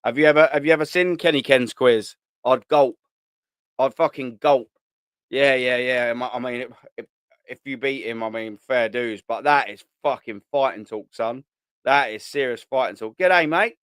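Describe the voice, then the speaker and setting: Male stream host, mid pitch, dry close sound, blunt and slangy, swears freely. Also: fairly even intonation, normal speed, a bit bright, clean tone, no echo. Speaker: host of a live fan show. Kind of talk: casual live-stream chat reading comments.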